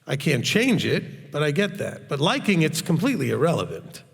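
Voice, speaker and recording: A man teaching in a blunt, straightforward way. His voice sits a little high and has a gravelly edge. The sound rings with a long reverb, like an echoey hall. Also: sing-song, moderate pace. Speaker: rabbi teaching a Q&A session.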